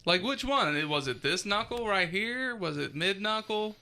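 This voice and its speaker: A man with a very bright, slightly high voice hosts a loose, joking podcast chat. He talks casually and breaks into laughter often. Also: animated, moderate pace. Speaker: podcast host.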